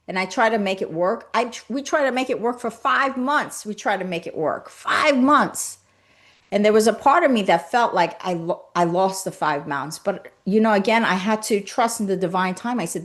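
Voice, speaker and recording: A woman hosting a live-streamed motivational talk as a spiritual coach, speaking in gentle, repeated affirmations and greeting viewers by name as she reads their comments. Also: medium pitch, normal speed. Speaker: spiritual coach and livestream host.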